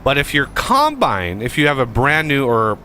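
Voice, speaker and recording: A man's voice: medium pitch, wildly swooping pitch, normal speed, sharp tone, a little hiss or hum. A man giving casual gameplay commentary as a streamer, rambling with many fillers and restarts.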